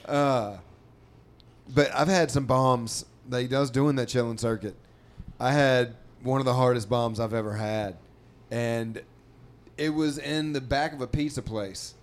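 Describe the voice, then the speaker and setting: A man, a stand-up comedian, telling a profane, animated story in casual podcast chat. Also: medium pitch, measured pace.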